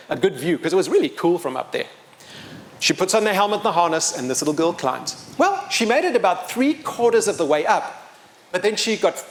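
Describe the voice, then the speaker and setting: Animated man telling a story live. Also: on the high side. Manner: animated, self-mocking humor, wide swings in loudness. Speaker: storyteller and motivational speaker.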